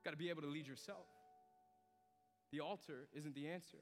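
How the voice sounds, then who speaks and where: High-voiced man preaching in a hall. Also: fairly even intonation, brisk. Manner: dynamic preaching, swinging from hushed to loud and emphatic. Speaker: pastor. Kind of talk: sermon. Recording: hall reverb with soft music beneath.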